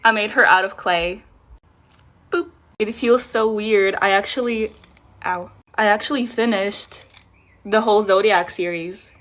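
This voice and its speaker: Speaking a little slowly in a medium-pitched, somewhat bright voice, a young makeup creator narrates a casual vlog about her own makeup. She is playful and chatty with her viewers and pokes fun at herself.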